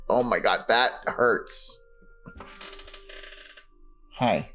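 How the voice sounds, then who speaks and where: A man's voice: deep voice, drawn-out words, long pauses, over music. A man casually chatting and joking while playing a game on a live stream.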